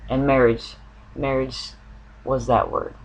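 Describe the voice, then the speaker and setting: A man's voice: medium pitch, little pitch movement, slow, vocal fry, low-quality recording. A man telling a personal dream story to the camera, earnest and searching for words, with an occasional cough. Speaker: spiritual vlogger.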